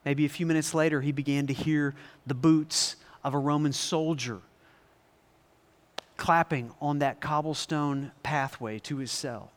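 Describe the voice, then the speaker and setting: A man preaching a sermon to a congregation, animated, asking them questions and acting out scenes. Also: a little high, measured pace. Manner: animated, asks the audience questions and acts out scenes. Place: large hall before a live congregation. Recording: long reverb in a large hall.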